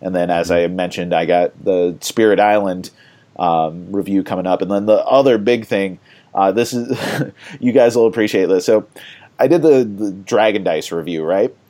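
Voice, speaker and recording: Low-voiced guy rambling on a board game podcast, lots of ums and laughs. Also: moderate pace, mellow. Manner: rambling, chatty, laughs often, many fillers. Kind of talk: casual podcast chat.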